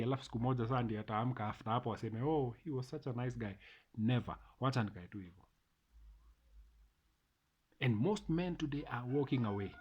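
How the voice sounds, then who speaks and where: A man's voice: medium pitch, husky, muffled recording. A middle-aged man with a Kenyan accent, delivering an emphatic, repetitive opinion monologue to camera as a vlogger. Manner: ranting, emphatic, repeats phrases.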